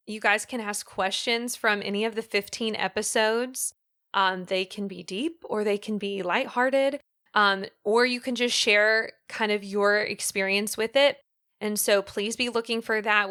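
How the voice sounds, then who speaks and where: A woman co-hosting a casual podcast with a bright, tense edge to her voice. Her tone is crisp and smooth as she tells stories in an animated, chatty way, peppered with "um" and "like.". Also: medium pitch, a little slow. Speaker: podcast co-host. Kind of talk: casual chat.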